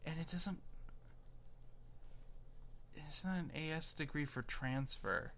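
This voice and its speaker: A young man co-hosting a podcast, chatting in a relaxed way and thinking aloud while he looks things up. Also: on the high side, slow, slight background noise. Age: young adult. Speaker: podcast co-host. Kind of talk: casual chat.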